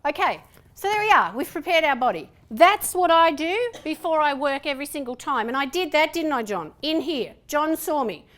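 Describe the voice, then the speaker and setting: A middle-aged woman with a broad Australian accent speaks to a conference audience in a lecture hall. Her voice sits high and she talks in a chatty, animated way, often acting out little exchanges. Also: moderate pace. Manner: chatty, animated, acts out dialogue. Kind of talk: lively conference talk.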